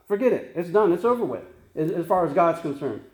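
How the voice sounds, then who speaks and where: A man's voice: sits high, animated, brisk, darkish tone, echoey room. A man preaching a sermon as pastor, earnest and conversational, with frequent restarts and tag questions.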